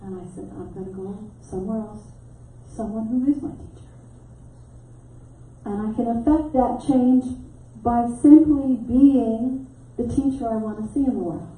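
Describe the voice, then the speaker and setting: Middle-aged woman minister, mellow storytelling sermon voice, roomy distant church sound. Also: fairly high pitch, measured pace. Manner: animated storyteller who acts out quotes and laughs often. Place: church sanctuary. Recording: echoey hall mic from a distance.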